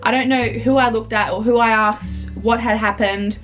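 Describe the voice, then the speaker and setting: A young woman, telling a personal story in an earnest, halting way, with restarts. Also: fairly high pitch, fairly even intonation, highs cut off, soft background music.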